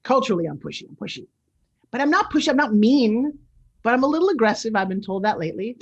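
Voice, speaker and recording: A woman in her sixties with a New York accent, hosting a show in a loud, brash, animated way. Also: a little high, quick pace, husky, muffled recording. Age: 60s. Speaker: show host. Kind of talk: casual talk-show monologue.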